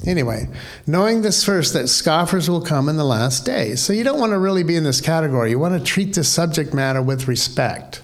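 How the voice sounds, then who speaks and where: A man's voice: fairly high pitch, expressive, a little fast. A man preaching a sermon as pastor, conversational and wry, full of rhetorical questions.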